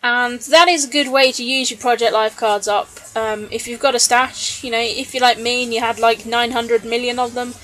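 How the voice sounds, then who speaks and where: A woman with a slightly high voice talks through her crafting in a recorded voice-over. She is chatty and relaxed, scattering ums and small laughs, and sounds a little tired late at night. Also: normal speed, few pauses. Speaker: scrapbooking vlogger. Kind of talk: voice-over narration of a crafting process video. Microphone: voice-over recorded separately from the video.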